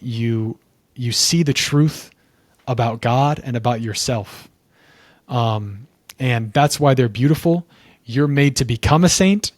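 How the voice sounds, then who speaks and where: A young man co-hosts a reflective faith podcast in a medium-pitched voice. He speaks earnestly and deliberately, leaning into key words like a preacher. The sound is dry and close to the mic. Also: darkish tone, dry recording. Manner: earnest, measured, preacherly emphasis. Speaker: podcast co-host.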